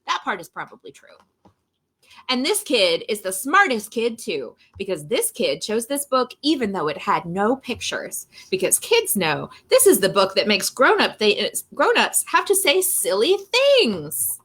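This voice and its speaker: A woman's voice: medium pitch, very animated, a little slow, bright, forceful tone, husky. A woman reading a silly children's book aloud, playful and full of exaggerated reactions. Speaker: storytime reader.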